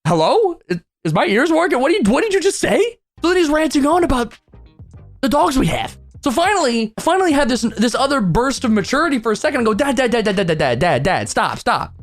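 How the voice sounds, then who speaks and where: Young male vlogger, comedic storytime, lively swooping delivery, joking tone. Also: very high voice, fast, faint music behind. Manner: animated, joking, laughs through the telling.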